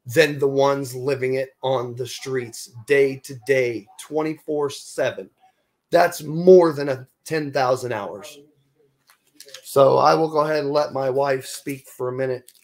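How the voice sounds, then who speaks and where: A man's voice: a little high, darkish tone. A man speaking on a virtual panel about lived experience, earnest and a little apologetic, heard over a video call.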